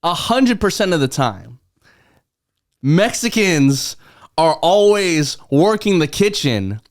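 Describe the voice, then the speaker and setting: Young male host, playful, lively pitch swings, slightly high voice. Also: takes it slowly. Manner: animated, laughs often, playful. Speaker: podcast host. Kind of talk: casual podcast chat.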